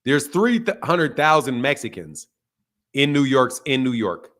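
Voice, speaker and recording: A man hosting a boxing channel, delivering a loud, profane, fired-up rant in casual stream talk, laughing between points. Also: medium pitch, big pitch swings, unhurried.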